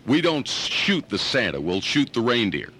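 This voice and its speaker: A man voicing a stiff, deadpan male police sergeant who keeps saying ma'am in a prank phone call. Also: medium pitch, normal speed, husky, heavily acted. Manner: deadpan, formal, ends lines with ma'am. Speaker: prank caller.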